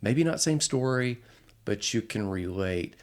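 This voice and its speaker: A man's voice: fairly low pitch, measured pace. A man telling a story in casual podcast chat, acting out the people he quotes. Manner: animated, quotes others in lively voices. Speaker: podcast host, instructor.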